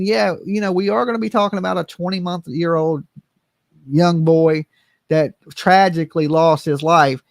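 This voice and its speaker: A man's voice: sits high, dry recording, clean studio sound. A man hosting a live stream and commenting casually, rambling with lots of fillers and repeated "right?" questions to viewers. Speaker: livestream host.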